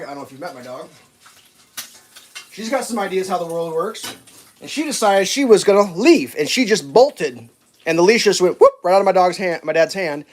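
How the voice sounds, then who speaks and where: A man's voice: sits high, a little hiss or hum. A man chatting casually while cooking breakfast at home, rambling through stories and laughing at them.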